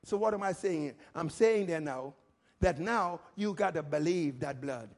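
A male pastor preaching a sermon emphatically, firing rhetorical questions and rising to shouts. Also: on the high side, animated, measured pace.

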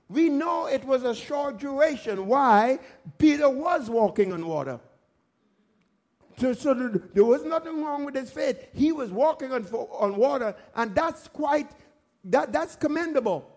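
A male pastor preaching a sermon, emphatic and repetitive, reading scripture with slow, stretched-out drama. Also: very high-pitched, darkish tone. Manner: emphatic preaching with repetition and call-and-response asides.

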